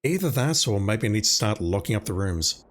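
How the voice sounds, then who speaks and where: Man, let's play commentary, casual, thinking aloud, fairly low voice. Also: big pitch swings, brisk, faint music behind.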